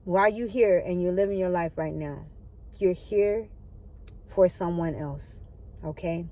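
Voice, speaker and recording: A woman's voice: on the low side, unhurried, mellow. Woman, spiritual vlogger on her phone; earnest, preachy, checks in with viewers a lot. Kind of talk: spiritual motivational talk.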